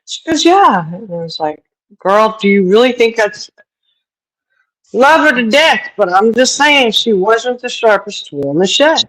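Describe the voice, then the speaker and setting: A woman's voice: animated, measured pace, fairly bright tone, rough recording. A woman co-hosting a casual talk show, telling a story with lots of laughs and colorful sayings. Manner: chatty storyteller, laughs often, Southern-style sayings; mimics others with raised pitch. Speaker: podcast co-host. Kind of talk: casual chat.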